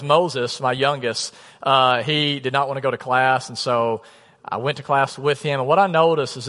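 Conversational pastor preaching in a reverberant hall. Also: male voice. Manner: storytelling, conversational, drops to a soft low voice for emphasis. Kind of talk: sermon. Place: church sanctuary. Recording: long reverb of a church hall.

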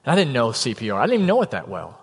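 A man of medium pitch delivers a sermon in a relaxed, conversational way, slipping into little acted-out quotes. His voice carries a long reverb tail from a large church hall. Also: racing, husky. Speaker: pastor. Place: church sanctuary.

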